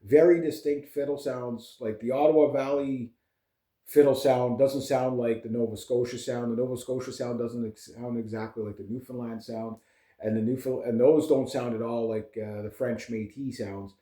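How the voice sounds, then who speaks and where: A man's voice: mid-range voice, steady tone, moderate pace, mellow. Rambling man in a roomy space. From Canada. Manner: rambling, digressive, many fillers and restarts. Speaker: vlogger and musician. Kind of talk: casual rambling chat.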